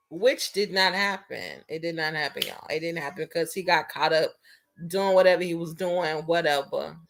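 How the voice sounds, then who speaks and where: A woman's voice: on the low side, pushed and bright. A young woman vlogger casually telling a story to her viewers, bluntly and animatedly, swearing freely and acting out both sides of a conversation.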